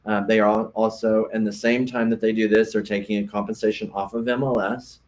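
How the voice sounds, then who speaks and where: A man's voice: lowish voice, little pitch movement, a little fast. A man, a realtor, co-hosting a casual podcast chat, explaining earnestly and often restarting his sentences.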